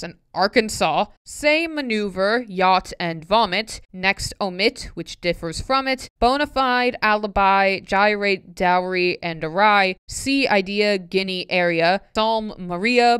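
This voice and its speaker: Woman, poem read aloud, halting word by word, self-correcting, very smooth clear voice, dry close sound. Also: mid-range voice, no echo. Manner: halting word-by-word reading, stumbling and self-correcting with wry asides. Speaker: YouTuber. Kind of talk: reading a pronunciation poem aloud.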